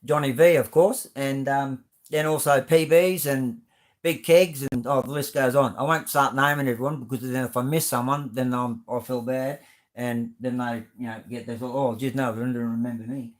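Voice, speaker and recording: A middle-aged Australian man hosts a casual live stream and chats to his viewers. He rambles in a friendly way, stops and restarts his sentences, and throws in plenty of fillers. His voice sits at an ordinary middle pitch. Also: steady tone, moderate pace. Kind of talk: casual live-stream chat reading comments.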